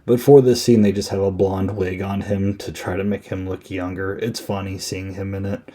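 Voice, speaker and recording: Mellow low-voiced man recapping a movie. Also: flat delivery, normal speed. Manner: rambling, filler-heavy retelling with amused asides. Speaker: podcast host. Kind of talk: casual movie review recap.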